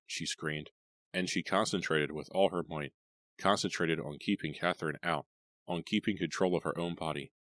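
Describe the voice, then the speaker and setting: Deep-voiced male audiobook narrator. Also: moderate pace, no echo, studio quality. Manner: steady, dramatic storytelling. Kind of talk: scripted narration of a horror novel.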